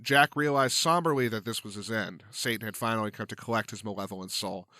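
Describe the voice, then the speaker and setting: A man's voice: lowish voice, fast, bright, forceful tone, dry recording, studio quality. A man co-hosting a comedy podcast, reading a folk tale aloud with dramatic storytelling and casual asides. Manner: dramatic storytelling with big words. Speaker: podcast co-host.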